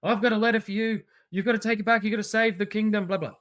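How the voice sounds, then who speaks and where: A man voicing a friendly big-bellied bear in a told story, in a quick, friendly way. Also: high-pitched, fairly even intonation, fairly bright tone, voice pushed up.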